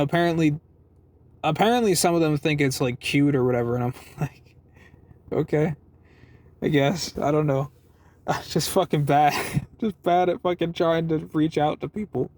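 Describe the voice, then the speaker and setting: A young man records a rambling vlog on his phone while parked in his car, joking at his own expense, swearing and using plenty of fillers. His pitch is fairly high and his voice a little mellow.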